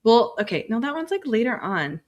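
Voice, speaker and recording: A woman therapist and mother explaining communication skills in a relaxed, chatty podcast conversation. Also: fairly high pitch, brisk, dull audio. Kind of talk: casual podcast chat.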